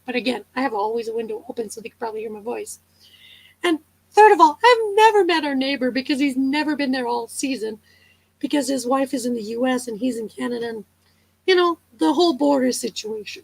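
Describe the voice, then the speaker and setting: A woman's voice: high-pitched, dry recording, rough recording. A woman hosting a casual live chat, telling stories, chatting with viewers and laughing often. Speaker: livestream host.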